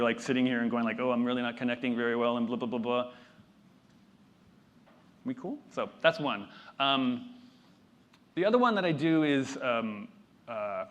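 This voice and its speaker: A man giving a conference keynote to a live audience in a loose, conversational way, with self-deprecating jokes and asides. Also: mid-range voice. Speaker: keynote speaker.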